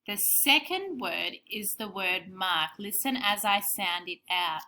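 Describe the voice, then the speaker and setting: A woman co-teaching a recorded spelling lesson for young children, clearly explaining and sounding out words. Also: mid-range voice, expressive, slow, pushed and bright, a little hiss or hum. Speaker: primary school teacher.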